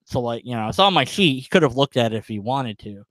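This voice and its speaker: A man's voice: medium pitch, animated, fast talker, a bit bright, no echo. A man telling a long, rambling story on his livestream, chuckling as he goes, full of fillers. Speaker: livestream host. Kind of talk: casual storytelling.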